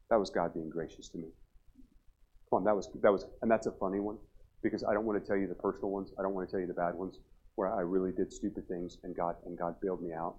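A man in his forties, a pastor preaching a revival sermon, joking and telling stories, then pressing his point loudly. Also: low-pitched, fairly even intonation, racing, breathy edge, lo-fi sound. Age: 40s. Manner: humorous storytelling, rising to loud emphatic preaching. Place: church sanctuary.

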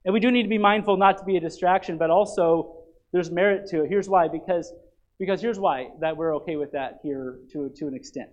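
A man preaches from the pulpit of a church, his voice sitting notably high. He talks in an animated, emphatic way and often restarts his sentences mid-thought. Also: fairly quick, muffled recording. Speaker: pastor. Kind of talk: sermon.

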